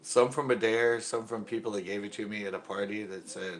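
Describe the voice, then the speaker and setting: Rambling low-voiced man telling stories. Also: steady tone, brisk. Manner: rambling storyteller, acts out quotes loudly and laughs often. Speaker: host of a fishing channel livestream. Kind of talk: casual live-stream chat.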